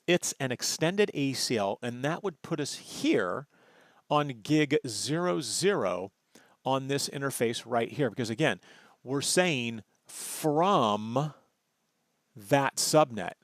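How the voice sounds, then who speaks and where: A man's voice: medium pitch, vocal fry, no echo, studio quality. A male networking instructor explaining configuration steps in a conversational tutorial walkthrough, often checking in with his students. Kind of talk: screen-recorded tutorial walkthrough.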